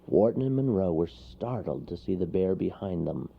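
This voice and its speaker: Low gravelly guy reading a kids' story, lively pitch, lo-fi audio. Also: moderate pace. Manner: expressive. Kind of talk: reading a children's storybook aloud. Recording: lo-fi recording.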